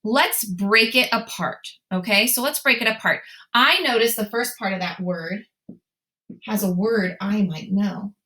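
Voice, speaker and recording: A woman's voice: mid-range voice, measured pace, pushed and bright. A young adult woman teaching a phonics lesson to young children, asking questions and cheerfully answering them in a sing-song way. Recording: echoey room.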